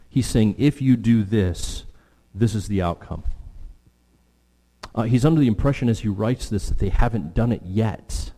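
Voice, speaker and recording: A man delivering a sermon from the pulpit, his voice low-pitched and mellow. He speaks with emphasis, climbing sharply in pitch when quoting. A long hall reverb trails every phrase. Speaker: pastor.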